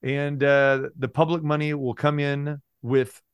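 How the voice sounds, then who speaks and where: A man, a sports handicapping radio host, chatting as a guest on a podcast, lively and exuberant, sometimes breaking into loud playful shouting. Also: a little high, a little slow, smooth, dry recording, highs cut off. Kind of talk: casual podcast chat.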